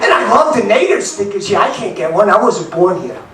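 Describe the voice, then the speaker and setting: A man, doing a blunt stand-up set in a club, with sudden loud outbursts. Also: high-pitched, very animated, a little fast. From New York. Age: 70s. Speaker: stand-up comic. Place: comedy club in Denver. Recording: echoey club from far off, background noise.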